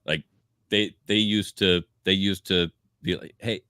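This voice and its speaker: A man's voice: low-pitched, steady tone, measured pace, sharp tone, clean tone, no room sound, clean studio sound. A middle-aged man co-hosting a podcast, reading out news and chatting with restarts. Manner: reads news items aloud, then chats with hesitant restarts. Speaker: podcast co-host. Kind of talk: casual chat.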